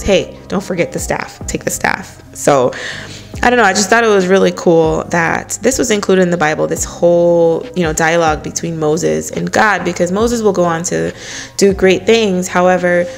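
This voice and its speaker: A woman's voice: fairly low pitch, vocal fry. A woman hosting a casual Bible study, talking conversationally and filling her speech with "you know". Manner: conversational, many "you know" fillers, light laughs.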